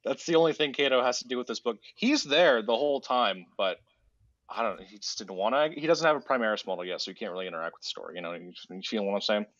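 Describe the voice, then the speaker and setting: A man's voice: lowish voice, fast, fairly bright tone, no echo, muffled recording. A man hosting a casual podcast who rambles through a story recap in a sarcastic, mock-casual way. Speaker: podcast host.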